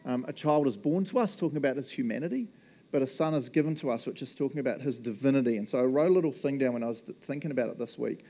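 A man preaching in a relaxed, conversational way, cracking jokes and laughing as he goes. His voice is mellow and warm, sitting at an ordinary middle pitch. He slips into playful little voices for the people in his stories. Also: racing. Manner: chatty and jokey, laughs often, acts out little quoted voices. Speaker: pastor. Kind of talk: casual conversational sermon.

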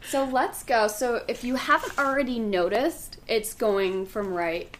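A woman's voice: on the high side, a little slow, a bit bright, slight background noise. A young woman co-hosting a casual chat, eagerly explaining theories step by step. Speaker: co-host.

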